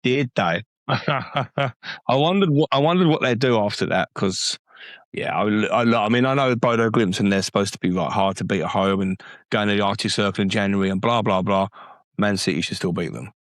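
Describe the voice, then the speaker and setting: A man's voice: on the low side, normal speed, no room sound, studio quality. A man co-hosting a football podcast, chatting casually with laid-back, wry remarks. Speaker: podcast co-host.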